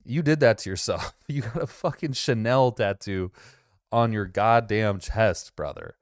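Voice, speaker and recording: A man's voice: fairly low pitch, lively intonation, measured pace, no echo, studio quality. A man hosting a casual reaction commentary, mocking and rambling with plenty of swearing. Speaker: commentary host.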